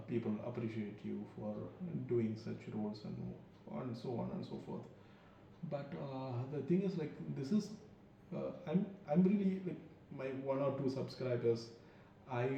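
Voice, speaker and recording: A man talking through a film review in a gravelly, very dark voice, wandering from thought to thought. He sounds far from the mic in a very echoey room, with dull, lo-fi sound. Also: medium pitch, slight background noise. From India. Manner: rambling, loose and digressive. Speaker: podcast host. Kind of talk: casual solo film review.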